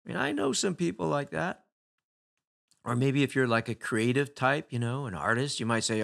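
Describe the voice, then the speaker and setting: A man speaking at a middle, unremarkable pitch in a reflective motivational talk. He keeps it conversational and leans on rhetorical questions to draw the listener in. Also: animated, normal speed, gravelly, fairly bright tone.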